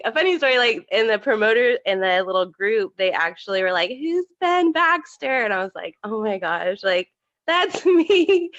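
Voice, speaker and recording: A woman's voice: medium pitch, a bit bright, muffled recording. A young woman giving a tearful testimonial on a video call, talking with lots of "like" fillers. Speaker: new business promoter.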